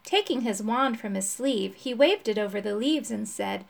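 A woman reading a children's chapter book aloud, telling the story in a lively, expressive way. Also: a little high, normal speed, vocal fry. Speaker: storybook reader.

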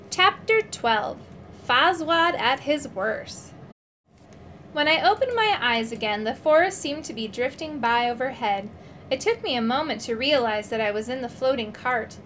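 Expressive woman reading a children's book. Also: high voice, a little hiss or hum. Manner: expressive, shifting into character voices for quoted lines. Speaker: audiobook reader.

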